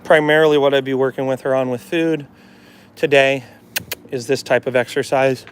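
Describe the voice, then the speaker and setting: A man's voice: mid-range voice, fairly even intonation, moderate pace, slight background noise. A man talking as a dog trainer in a casual live demonstration, chatting to his viewers and coaxing a dog along. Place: at home with a dog, partly in the yard.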